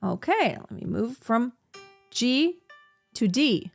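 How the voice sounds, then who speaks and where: A woman vocal coach talks slowly and steadily, her voice sitting a little high. She breaks off her explanations to sing short scales on simple syllables. The sound is dry and close, with faint music underneath. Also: animated, gravelly, no room sound. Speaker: singing teacher. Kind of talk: vocal lesson with sung demonstrations.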